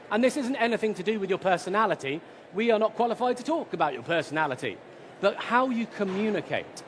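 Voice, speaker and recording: Upbeat male presenter, high voice. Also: slight background noise. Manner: energetic, chatty, jokey asides. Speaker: conference presenter. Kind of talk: conference talk.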